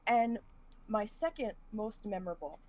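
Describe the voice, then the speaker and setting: Animated woman telling a gaming story. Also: medium pitch, normal speed. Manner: animated, laughs through the story. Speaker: podcast co-host. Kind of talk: casual storytelling chat.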